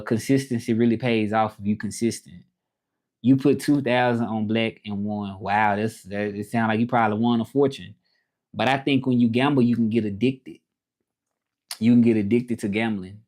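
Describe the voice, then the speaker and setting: A man's voice: fairly low pitch, steady tone, normal speed, darkish tone. A man hosting a casual livestream, rambling with restarts and reading chat comments aloud. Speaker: livestream host. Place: home, livestreaming from Mexico.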